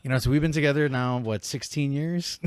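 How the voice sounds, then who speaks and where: A middle-aged man, a podcast guest, telling lively family stories in casual talk, laughing often and acting out the people he quotes. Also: a little high, normal speed, clear, resonant tone, no echo. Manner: animated, laughing often, quoting people in character. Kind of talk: casual storytelling. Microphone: studio podcast mic.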